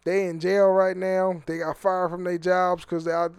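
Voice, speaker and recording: A man's voice: sits high, flat delivery, normal speed, smooth, dry recording. A young American man hosting his own podcast, rambling and profane, often stumbling and repeating words as he restarts sentences. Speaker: podcast host. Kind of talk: casual solo podcast monologue.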